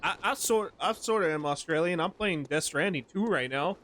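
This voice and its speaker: A man in his twenties talks to his viewers while playing a game, rambling from one thought to the next. His speech is slangy and relaxed, broken up by frequent laughs, and his voice sits a little higher than most men's. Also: normal speed. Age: 20s. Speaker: streamer. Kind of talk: casual gameplay commentary to chat.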